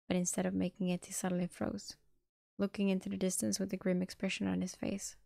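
A woman streamer reading a novel aloud with a dramatic delivery, sometimes breaking into excited reactions. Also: medium pitch, fast talker, vocal fry, dry recording, clean studio sound. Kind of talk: live-streamed audiobook reading.

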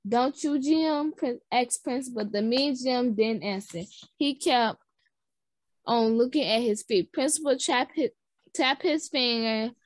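A woman reading a children's book aloud, halting and restarting words. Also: fairly high pitch, no echo. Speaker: reader.

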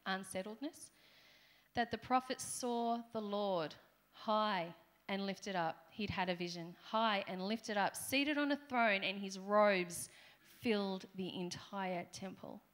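A woman's voice: medium pitch, slow pace, fairly bright tone. A middle-aged woman with an Australian accent preaching a conversational sermon in a church, with playful asides to the congregation. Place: church hall.

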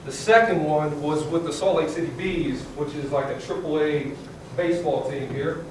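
Animated man in an echoey hall. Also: fairly high pitch, moderate pace, recorded from a distance, noisy background. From California. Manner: animated, laughing storyteller. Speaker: panelist, former student athlete. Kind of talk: storytelling panel talk.

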